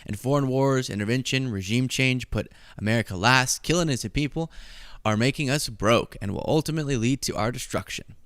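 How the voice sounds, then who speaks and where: A man's voice: medium pitch, a little fast, a bit bright, dry recording, studio quality. A man hosting a political commentary show, talking casually in a sarcastic, mocking way and laughing at his own jokes.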